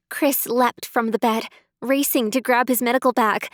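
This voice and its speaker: A woman narrating a first-person audiobook in a measured way, close to the mic. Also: a little high, steady tone, dry recording.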